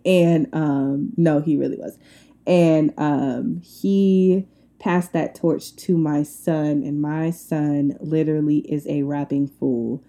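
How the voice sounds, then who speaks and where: A woman's voice: deep voice, takes it slowly. A woman in her twenties hosting a casual solo podcast, telling stories bluntly and colloquially with lots of laughter. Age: 20s. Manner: animated storytelling with frequent laughs and rants. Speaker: podcast host.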